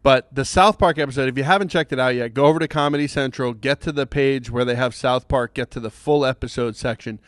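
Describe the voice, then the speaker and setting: A man's voice: mid-range voice, fast, hardly any pauses, a bit bright, dry recording, studio quality. A man hosting a podcast, chatting casually in a rambling, joking way with plenty of fillers. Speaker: podcast host. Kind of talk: casual chat.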